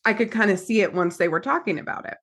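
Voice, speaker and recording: A woman with an American accent speaks fast at a medium pitch. She's a therapist and podcast host telling a story in casual chat, lively throughout and acting out the quotes.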